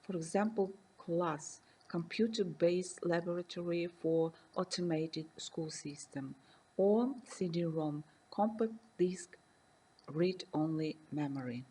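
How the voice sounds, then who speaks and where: A woman lecturer reading a recorded university lesson slowly and carefully, defining terms and giving examples. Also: fairly low pitch, dark tone, breathy edge, low-quality recording.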